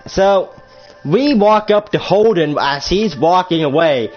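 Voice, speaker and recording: A teenage boy tells a story for his vlog at home, talking slowly in a fairly high voice. He rambles, swears freely and keeps correcting himself along the way. The audio is a little muffled, with faint music underneath. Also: expressive. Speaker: storytime vlogger. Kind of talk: casual storytelling.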